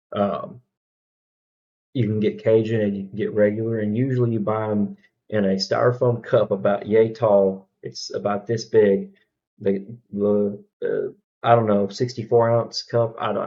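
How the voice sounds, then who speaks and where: Laid-back Alabama man, low mellow voice. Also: lo-fi sound. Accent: Alabama Southern US. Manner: easygoing, thoughtful, trails off with fillers. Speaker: reaction video host. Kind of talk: casual reaction commentary.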